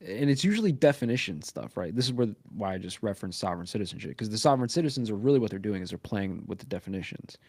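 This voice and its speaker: A man's voice: fairly low pitch, lively intonation, rapid-fire, hardly any pauses, darkish tone, no echo. A man co-hosting a live podcast, rambling and profane, leaning on "right?" and "like" as he talks. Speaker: podcast co-host. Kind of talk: casual live podcast chat.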